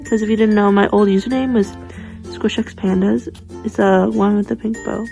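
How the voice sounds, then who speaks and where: A young woman chatting casually as she unboxes squishy toys, gushing and gasping with excitement. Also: mid-range voice, normal speed, creaky, soft background music. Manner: excitable, gushing, breathless gasps.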